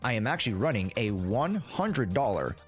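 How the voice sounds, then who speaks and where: A man's voice: medium pitch, very animated, normal speed, faint music behind. A man hosting a livestream in casual, playful chat, rambling with many fillers. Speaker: streamer and host.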